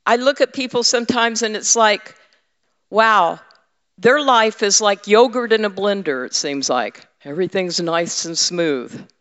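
A woman's voice: medium pitch, a little slow, fairly bright tone. A woman preaching a conversational sermon to her congregation, candid and humorous, teasing her listeners. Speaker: women's ministry leader and preacher. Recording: echoey hall, slightly dull sound.

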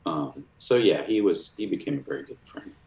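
A man from Chicago with a deep, low voice tells stories in a loose, rambling way, full of fillers and restarts. He is a guest in a casual interview. The recording has a roomy echo. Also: expressive, fairly quick, darkish tone. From Chicago, USA. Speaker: cartoonist guest. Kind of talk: casual storytelling.

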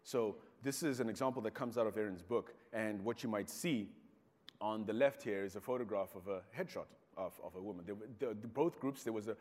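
A man's voice: on the low side, darkish tone. Zimbabwean man, talk speaker, storytelling style, hall reverb. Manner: storytelling, acts out quoted voices. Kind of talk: talk to an audience.

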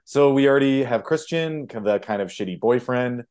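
A man's voice: mid-range voice, moderate pace, a little mellow. A man co-hosting a podcast, steadily recapping a film's scenes in casual conversation. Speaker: podcast co-host.

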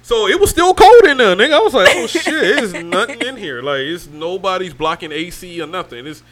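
High, lively man telling a story. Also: a little fast, music in the background. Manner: animated storytelling, laughing, mimicking voices and sounds. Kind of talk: casual chat.

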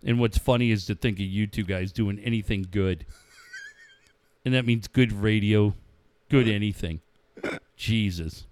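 A man's voice: fairly low pitch, unhurried, a little mellow, a little hiss or hum. A middle-aged man, a guest on a talk show, telling profane, joking stories about his kids and acting out the quotes. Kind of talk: casual storytelling chat.

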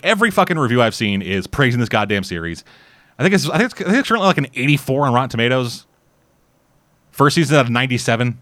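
Lively profane Canadian man chatting. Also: medium pitch, no echo. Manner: rambling, profane, frequent restarts. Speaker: podcast host reviewing a series. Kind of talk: casual chat.

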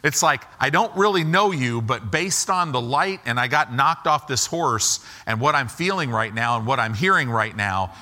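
A man preaching a sermon as pastor, slowing for emphasis and acting out quoted lines with rising and falling pitch. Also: expressive, sharp tone. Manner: slow deliberate emphasis.

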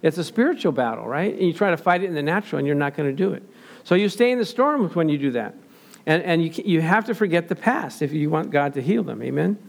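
An older man with a slightly high, gravelly voice preaches in an easygoing, storytelling manner. He slips into the voices of the people in his stories as he talks. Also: lively intonation, quick pace. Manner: conversational storytelling, acts out quotes. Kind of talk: sermon.

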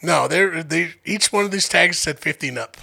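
A young man from Denver telling a profane, animated story in casual podcast chat and acting out the quotes. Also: fairly high pitch, normal speed, vocal fry, breathy edge. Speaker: podcast co-host.

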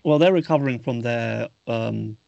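A man's voice: mid-range voice, moderate pace, vocal fry, a little mellow, no room sound. A man hosting a casual podcast chat, rambling a little and steering between topics. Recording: slightly dull lo-fi mic.

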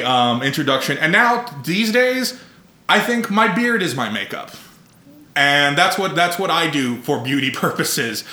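A man's voice: on the high side, pushed and bright. A man hosting a podcast, telling profane, self-mocking stories about his childhood and laughing often. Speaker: podcast host. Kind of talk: casual podcast chat. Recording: roomy echo.

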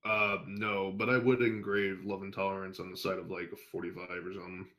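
Laughing low-voiced man telling a story. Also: level tone, a little fast, bright, forceful tone. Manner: laughing, swearing, acts out coworkers. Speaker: podcast guest. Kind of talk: casual storytelling.

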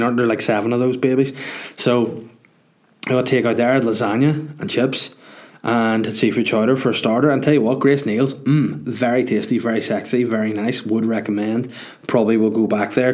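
A man's voice: medium pitch, a little mellow. A young man with a Northern Irish accent hosting a podcast, chatting casually and joking as he answers listener questions, swearing freely. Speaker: podcast host and comedian.

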